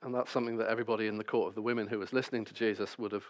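A man's voice: on the low side, steady tone, rapid-fire. A man preaching a sermon, reading scripture passages and then explaining them with wry, self-deprecating asides.

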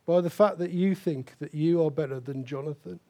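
A man's voice: fairly high pitch, fairly quick, warm tone. An older man preaching a sermon as pastor, emphatic and repeating key phrases for stress.

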